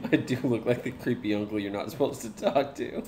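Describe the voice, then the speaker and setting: A man's voice: mid-range voice, normal speed, noisy background. A young man, a dad, joking casually with a live stream chat while talking to his baby.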